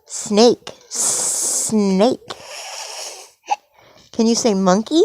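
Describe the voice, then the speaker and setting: A woman's voice: on the high side, sing-song, measured pace, dry recording, studio quality. A woman patiently teaching a toddler animal names at home, with exaggerated encouraging praise.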